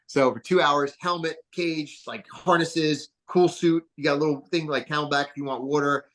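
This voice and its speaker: A man from New Jersey, a podcast guest, telling stories in a casual, rambling way with lots of fillers and bursts of excitement. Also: on the high side, moderate pace. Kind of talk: casual interview storytelling.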